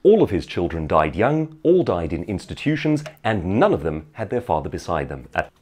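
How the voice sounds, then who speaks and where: English man, husky voice, low pitch, very wide swings, scripted commentary. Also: sing-song, normal speed, a little mellow.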